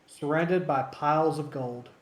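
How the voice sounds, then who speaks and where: A man running a tabletop game as game master, narrating haltingly with many fillers. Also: fairly high pitch. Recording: roomy echo.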